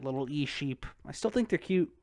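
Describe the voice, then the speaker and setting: A man's voice: a little high, animated, normal speed, a little mellow, a little hiss or hum. A young man streaming old PC games, rambling and joking crudely at his own expense. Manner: rambling, crude, self-deprecating. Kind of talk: casual game stream commentary.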